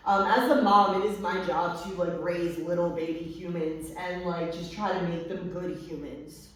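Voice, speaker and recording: A woman's voice: fairly low pitch, steady tone, normal speed. A young adult woman candidly telling her recovery story to a group, swearing freely and using many fillers. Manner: candid and profane, frequent fillers. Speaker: recovery meeting speaker. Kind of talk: personal testimony to a group. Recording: echoey room, distant mic.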